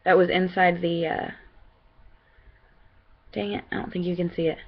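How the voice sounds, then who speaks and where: A woman's voice: fairly low pitch, little pitch movement, normal speed, lo-fi sound. A young woman vlogging casually at home into a computer webcam, chatty, with lots of fillers and restarts. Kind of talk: casual personal vlog.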